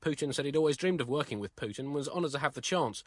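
A man co-hosting a comedy podcast, reading jokes in a deadpan, mock-solemn way and bantering. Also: on the high side, racing, dry recording. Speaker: co-host.

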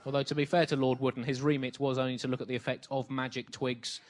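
Deadpan comedy guy, fake serious, lots of ums. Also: medium pitch, quick pace. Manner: deadpan, faux-serious, with hesitant fillers. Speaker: comedy double act partner. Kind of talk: deadpan satirical sketch.

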